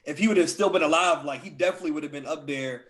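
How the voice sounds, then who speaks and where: A young man in easy podcast banter, talking loosely with lots of "like" and "dog". His voice sits a little high for a man, and he sounds keen on what he is saying. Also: very fast, a bit bright. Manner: loose, filler-heavy, enthusiastic about music. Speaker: podcast co-host. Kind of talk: casual chat.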